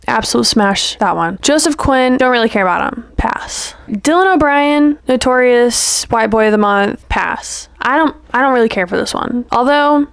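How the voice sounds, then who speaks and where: A woman's voice: a little high, dry recording, clean studio sound. A young adult woman vlogging in a casual, playful chat, gushing and peppering her talk with "like" and "you know".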